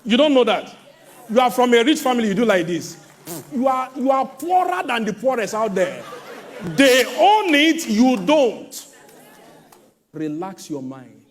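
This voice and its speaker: A middle-aged man preaches a sermon in a high, lively voice that leaps all over its range. He breaks into sudden shouts, then drops low, and mockingly imitates the proud people he warns against. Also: measured pace. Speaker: pastor.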